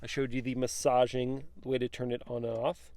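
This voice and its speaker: A man's voice: medium pitch, little pitch movement, a little fast, darkish tone, no echo. A man giving a casual, playful review from the back seat of a car, chatting and joking to himself as he goes.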